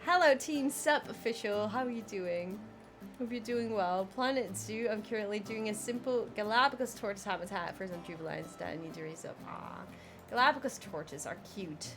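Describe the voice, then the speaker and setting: Over background music, a woman with a medium-pitched voice streams herself building a zoo in a game, speaking at a normal pace. She chats with her audience, laughs, lets out frustrated exclamations and thanks viewers by name.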